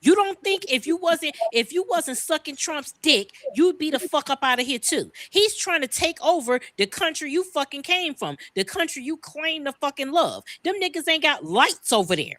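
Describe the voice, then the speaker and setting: A woman's voice: high voice, big pitch swings, moderate pace, hardly any pauses, fairly bright tone, no room sound. A woman from the United States co-hosting a podcast, ranting in a profane, fired-up way. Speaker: podcast co-host. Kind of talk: heated casual podcast talk.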